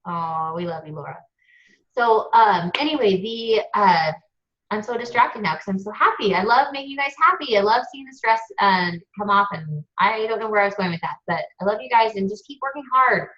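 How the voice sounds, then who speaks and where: A woman's voice: medium pitch, animated, brisk, a bit bright. Gushing chatty woman, lo-fi audio. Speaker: webinar host. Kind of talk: casual webinar chat.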